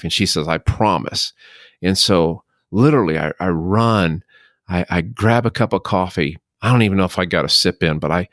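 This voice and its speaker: A middle-aged man hosting a podcast, telling a personal story in a halting, emotional way with many restarts. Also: deep voice, no room sound, clean studio sound. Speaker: podcast host.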